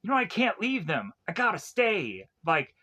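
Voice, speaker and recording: Man putting on earnest young karate teacher, halting, stumbles over his words, lively high voice. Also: husky, heavily acted. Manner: halting, repeats himself. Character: young male martial arts teacher, earnest.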